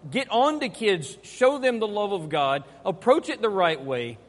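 A man's voice: sits high, very animated, measured pace. A man preaching a sermon, emphatic and fond of repeating his key phrases. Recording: long hall reverb.

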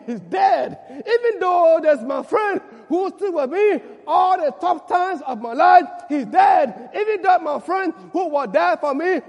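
A preacher puts on a grieving king who cries out again and again for his lost friend. The voice sits very high and swoops widely as it pleads, shouting into the long echo of a big hall. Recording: long reverb of a large hall.

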